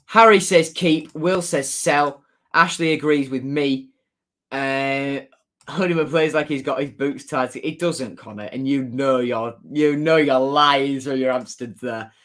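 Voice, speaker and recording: A man's voice: mid-range voice, a little slow, fairly bright tone. A man chatting on a live stream as a football fan, reading out viewer comments, often laughing and repeating his own phrases.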